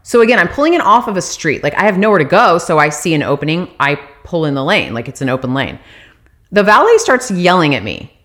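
A woman's voice: fairly low pitch, sing-song, a little fast, fairly bright tone. A woman telling her viewers a story in a casual, profane, exasperated rant.

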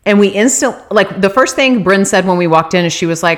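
A woman telling a story on her vlog in a casual, animated and exasperated way, swearing freely. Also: medium pitch, normal speed.

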